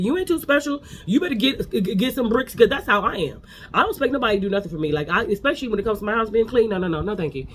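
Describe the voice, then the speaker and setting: A man recapping reality TV in a casual, animated, gossipy way, acting out what people said. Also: a little high, slight background noise. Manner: animated, gossipy, acts out quotes. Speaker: recap host.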